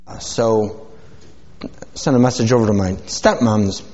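A pastor with a lowish, slightly mellow voice and measured pace gives an informal sermon and prayer in a church sanctuary. He's rambling and folksy with many fillers, and the recording sounds dull with hall reverb.

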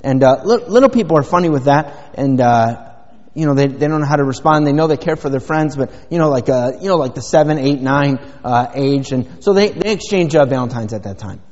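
A man's voice: medium pitch, lively intonation, a little fast, few pauses, darkish tone. Middle-aged male pastor, rambling folksy sermon delivery, dull sound with long church reverb. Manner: rambling, folksy, many fillers. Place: church sanctuary.

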